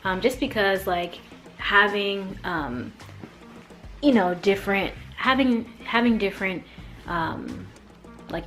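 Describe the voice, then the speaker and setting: Animated young woman vlogger, faint music. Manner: animated, acts out quotes with big pitch jumps. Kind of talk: casual storytime.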